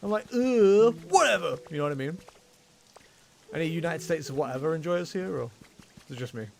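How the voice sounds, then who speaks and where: A man's voice: a little high, fairly quick, vocal fry. A man chatting casually and rambling with self-mocking humor while livestreaming a game. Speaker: streamer. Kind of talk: casual gameplay livestream chat.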